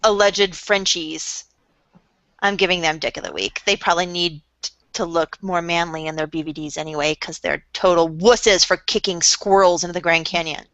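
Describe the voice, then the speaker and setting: A woman's voice: fairly low pitch, normal speed, fairly bright tone, no room sound. A woman co-hosting a casual talk show, joking and sarcastic in a playful way. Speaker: co-host. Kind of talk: casual chat. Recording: dull lo-fi sound.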